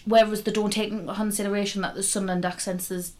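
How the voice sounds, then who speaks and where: A young woman with a North East English accent from around Hartlepool co-hosts a casual podcast. She argues her points in easygoing banter. Her voice sits at a mid-range pitch for a woman. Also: little pitch movement, fast. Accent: North East English, Hartlepool area. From North East England. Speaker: podcast co-host. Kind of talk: casual chat.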